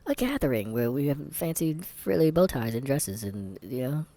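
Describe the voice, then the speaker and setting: Male vlogger, mid-range pitch, sarcastic and rambling, muttering asides while working through a test. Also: sing-song, normal speed, loud music behind the voice. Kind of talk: candid test-taking commentary.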